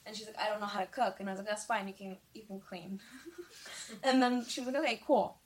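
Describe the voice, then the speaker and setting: A woman's voice: medium pitch, a little fast. A young woman, a podcast guest, chatting casually and telling stories, often filling with "like" and talking to listeners as "you guys". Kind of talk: casual chat.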